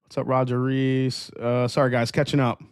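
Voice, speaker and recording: A man's voice: medium pitch, little pitch movement, moderate pace, smooth, dry recording. Easygoing man hosting a dry-sounding livestream. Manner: rambling, restarts often, reads chat aloud. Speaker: whiskey review livestream host. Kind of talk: casual livestream chat.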